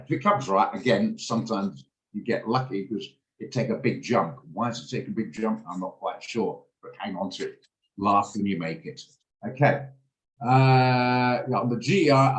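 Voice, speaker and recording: A man's voice: on the low side, roomy sound, low-quality recording. A middle-aged man hosting a trading room, talking through trades in a chatty, rambling way with many restarts. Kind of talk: casual live trading commentary. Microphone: video call.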